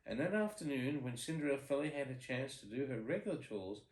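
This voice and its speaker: A man's voice: medium pitch, animated, fast talker, darkish tone. A man reading a bedtime story aloud to his child, adding playful asides and questions. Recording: echoey room.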